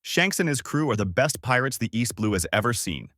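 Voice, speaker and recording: A man voicing a brash, hotheaded young boy who yells back defiantly in a fan-made story reading. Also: medium pitch, very animated, a little fast, dry recording, studio quality. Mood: defiant yelling. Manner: yelling, defiant.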